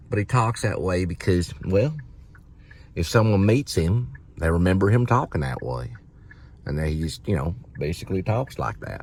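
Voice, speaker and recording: A man with a very deep voice talks casually, thinking out loud and circling back with "you know" as ideas come to him. He is recording inside a moving car, and steady road noise runs clearly beneath his voice. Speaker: actor and channel host. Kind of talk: casual vlog, brainstorming film ideas aloud. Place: inside a car while doing restaurant deliveries at night.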